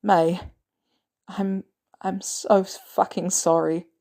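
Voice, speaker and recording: A woman voicing a gruff, weary male ex-soldier who talks bluntly and curses often, in a podcast reading of a story. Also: medium pitch, flat delivery, drawn-out words, warm tone. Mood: tender.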